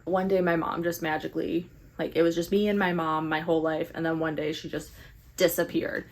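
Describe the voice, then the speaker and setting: A young woman chatting casually through a book review, animated and sarcastic. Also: on the low side. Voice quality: animated, sarcastic, eye-rolling. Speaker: book vlogger.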